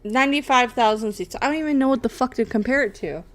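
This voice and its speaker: A woman's voice: a little high, fast. A young woman streamer chatting casually and rambling, swearing often and tagging lines with "bro" and "okay?". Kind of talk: casual livestream chat.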